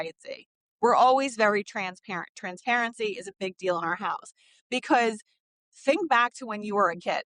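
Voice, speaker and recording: A woman in her thirties hosting a podcast, telling a personal parenting story in a candid, chatty way, full of "like" fillers and lively quoted dialogue. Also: a little high, no room sound, low-quality recording. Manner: acts out quoted dialogue in animated bursts. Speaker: podcast host. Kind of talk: casual storytelling monologue.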